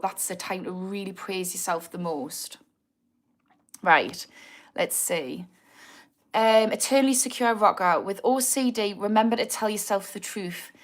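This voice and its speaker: A woman's voice: medium pitch, a bit bright. Blunt Geordie woman hosting a live Q&A. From Newcastle, England. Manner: blunt, swears freely, answers viewer comments. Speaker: addiction recovery livestream host. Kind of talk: live Q&A chat.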